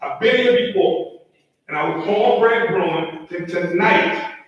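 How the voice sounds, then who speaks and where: Defiant man protesting at a council podium, halting and heated, echoing from afar. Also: high voice, lo-fi sound. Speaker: resident speaking at public comment. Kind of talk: confrontational public comment. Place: city council chamber. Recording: echoey chamber, mic from a distance.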